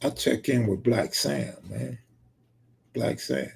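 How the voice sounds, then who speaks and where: A man's voice: mid-range voice, slow pace, vocal fry, slightly rough. A man from California, live streaming and casually reading viewer comments aloud, bantering back with joking, profane remarks.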